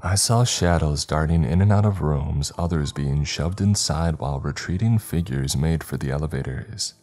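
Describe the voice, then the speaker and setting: A man narrating a horror story in a measured, dramatic way. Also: a bass voice, darkish tone. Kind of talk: scripted narration. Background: faint background music.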